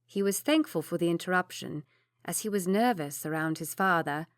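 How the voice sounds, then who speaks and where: Low-voiced woman narrating an audiobook. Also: normal speed, no room sound, studio quality. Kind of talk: scripted narration.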